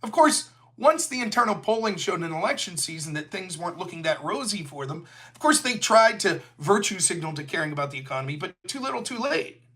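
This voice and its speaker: A man's voice: high voice, pushed and bright. A man hosting a livestreamed political commentary show, talking in a heated, sarcastic way. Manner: sarcastic, heated, slips into mocking voices.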